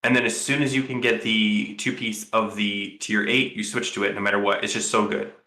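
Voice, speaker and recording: A man with a bright, forceful voice, a little low in pitch, chatting on a podcast. He rambles and restarts as he thinks aloud, and his voice rings in a roomy, echoey space. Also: level tone, fairly quick. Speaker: podcast co-host. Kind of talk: casual podcast chat.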